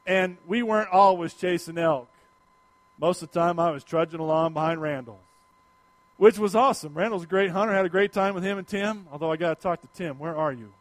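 A middle-aged man preaching a sermon in a folksy storytelling way, swinging between loud emphasis and quiet asides. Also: sits high, a little fast, dry recording. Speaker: pastor.

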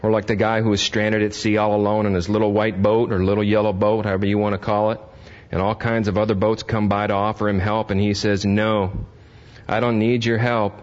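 A man's voice: on the low side, little pitch movement, fast talker. Older male pastor preaching conversationally. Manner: conversational preaching, rising to impassioned emphasis. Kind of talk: sermon. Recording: dull lo-fi sermon recording.

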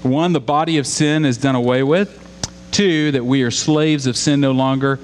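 A man from Louisiana preaches a sermon in a steady, mid-range voice at normal speed. He earnestly questions the congregation and builds toward emphatic repetition. A long hall reverb and a faint hum color the recording.

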